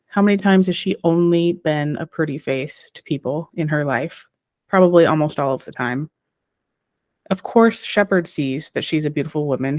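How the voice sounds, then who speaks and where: Low-voiced woman podcast co-host. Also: darkish tone, no room sound, studio quality. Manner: enthusiastic, analytical commentary. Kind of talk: casual podcast chat.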